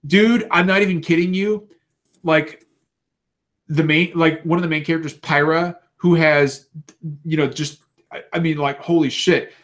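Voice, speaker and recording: A man's voice: fairly high pitch, fairly even intonation, measured pace. A man on a casual podcast, ranting animatedly and swearing a lot. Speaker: podcast co-host. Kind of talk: casual chat.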